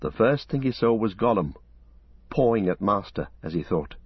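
A man tells a story in a measured, expressive way. His voice is low and husky, and the recording is dry and close, with a slightly dull top end. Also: dry recording. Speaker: audiobook narrator. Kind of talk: scripted narration.

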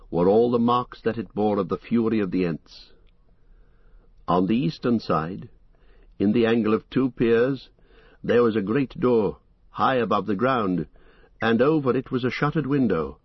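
Man narrating a fantasy audiobook, low raspy voice, steady reading, dull dry recording. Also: no room sound.

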